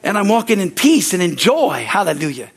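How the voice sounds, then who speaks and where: A man preaching a sermon, fervent, often breaking in with hallelujah and amen, moving between loud rises and quiet low asides. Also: very animated, brisk, breathy edge. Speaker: pastor.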